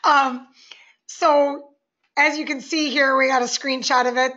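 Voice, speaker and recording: A woman presenting a software webinar walkthrough, friendly and explaining step by step. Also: high voice, steady tone, unhurried, muffled recording.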